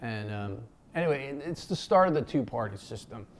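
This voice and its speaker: A man's voice: mid-range voice, lively intonation, fairly quick. A man from Philadelphia talks off the cuff to his camera, wandering between thoughts. He fills his speech with ums, slang and the odd curse, and he jumps into quoted voices when telling a story. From Philadelphia, USA. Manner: rambling and loose, with many fillers, slang and swearing; acts out quotes in a raised voice. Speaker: vlogger. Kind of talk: casual unscripted talk to camera.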